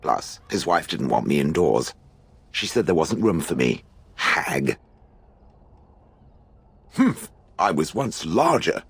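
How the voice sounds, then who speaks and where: Scornful ancient stone golem for a game; dry, mocking, lively swoops in a very low voice. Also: male voice, vocal fry, slightly rough, dry recording, exaggerated voice. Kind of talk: video game dialogue.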